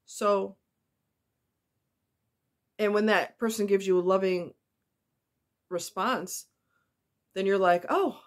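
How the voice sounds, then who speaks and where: Woman vlogger speaking to camera at a mid pitch; chatty, confiding, heartfelt, with easy asides. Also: fairly even intonation, slow, pauses often. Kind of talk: casual heartfelt talk to viewers.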